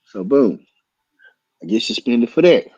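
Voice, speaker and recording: A man telling a story loudly and excitably, acting out voices and punches with sound effects. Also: mid-range voice, measured pace, slightly rough, dry recording. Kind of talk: animated storytelling. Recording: dull lo-fi sound.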